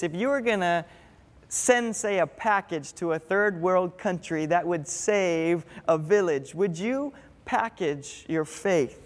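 A man with a high voice preaches a sermon to his congregation. He is earnest, with playful comic asides. His voice rings out through the long reverb of a large church hall. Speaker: pastor.

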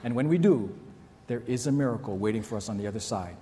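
A man's voice: lowish voice, fast talker, big-room sound, slight background noise. A middle-aged man, a pastor, preaching a sermon in a church, telling stories animatedly and acting out the people in them. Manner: animated storyteller, acts out shouts and kids' voices. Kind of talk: sermon with storytelling.

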